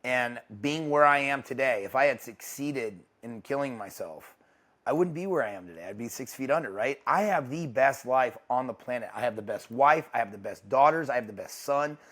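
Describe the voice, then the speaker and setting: A young adult man, an interview guest, speaking candidly and haltingly, with many restarts. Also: mid-range voice, lively intonation, a bit bright. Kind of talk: casual interview talk. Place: ranch home.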